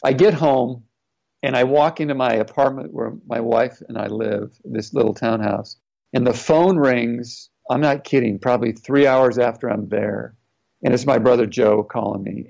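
A man's voice: mid-range voice, moderate pace, vocal fry, darkish tone. A middle-aged man, a former pro athlete, earnestly telling a personal story in an interview. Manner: earnest, reflective, retelling quotes. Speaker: guest, former NFL player. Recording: slightly dull, lo-fi audio.

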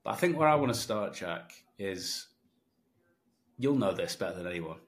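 A man's voice: sits low, animated, normal speed. A man hosting a podcast as a sales coach, explaining with confidence and joking examples. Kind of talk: conversational teaching.

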